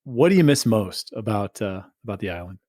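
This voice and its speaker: A man's voice: fairly low pitch, lively intonation, a little fast, warm tone, no echo, clean studio sound. A man hosting a podcast interview, friendly and jokey, often restarting his sentences. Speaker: podcast host. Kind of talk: casual interview.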